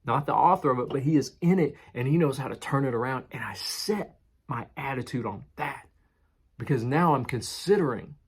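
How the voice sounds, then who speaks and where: A man's voice: mid-range voice, animated, moderate pace, husky. A male pastor giving a casual, conversational sermon and stressing key words by repeating them. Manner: conversational, emphatic with repetition. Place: church in New York City.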